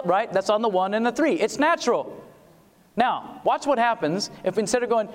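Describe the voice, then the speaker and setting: A man's voice: high-pitched, animated, normal speed. A man giving an emphatic preaching lecture on music, asking his audience questions and singing short examples. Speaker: Christian music seminar speaker. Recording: long hall reverb.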